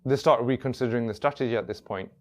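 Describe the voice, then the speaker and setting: A man's voice: medium pitch, fast talker. A man telling a story at a workshop in a casual, rambling way, full of ums and restarts. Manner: rambling, many fillers and restarts. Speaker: workshop speaker.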